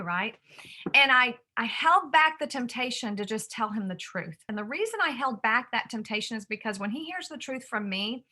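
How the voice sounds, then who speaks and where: Earnest female parenting host telling a personal story, bright and slightly breathy, pitched a little high. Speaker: parenting author and podcast host.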